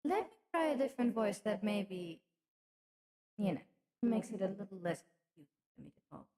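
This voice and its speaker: A woman's voice: medium pitch, big pitch swings, normal speed, warm tone. A woman streamer chatting in character with viewers at her debut, theatrical and affectionate, calling them darling. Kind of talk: in-character livestream debut chat.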